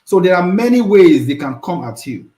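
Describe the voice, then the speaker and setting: A man's voice: high-pitched, very animated, normal speed, mellow. A man, a guest expert, explaining things patiently in an interview and often adding "you know" and "yeah". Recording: echoey room.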